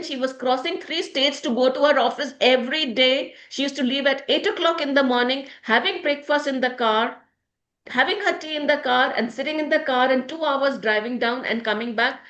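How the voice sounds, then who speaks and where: High-voiced woman leading a positivity session. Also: moderate pace, a bit bright, echoey room, muffled recording. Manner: emotional, addresses listeners by name. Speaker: positivity group leader. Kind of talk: motivational group session.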